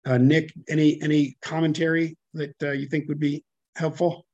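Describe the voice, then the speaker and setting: Halting man chairing a public hearing. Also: fairly high pitch, little pitch movement, a little mellow, dry recording, dull audio. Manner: halting, many fillers, self-correcting. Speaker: commission chair.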